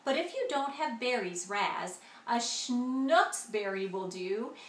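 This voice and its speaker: A pushy, carefree green glunk creature gabs away in rapid patter, swinging all over a bright, lively voice, as a woman puts him on. He runs on about himself with no care for anyone else. It is read aloud in an echoey room. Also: on the high side, recorded from a distance, exaggerated voice. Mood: gabbing.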